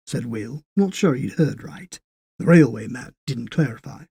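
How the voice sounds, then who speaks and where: A man reading a horror story in a measured, even way. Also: mid-range voice, gravelly, breathy edge, dry recording, studio quality. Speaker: story reader. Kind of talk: scripted horror fiction narration.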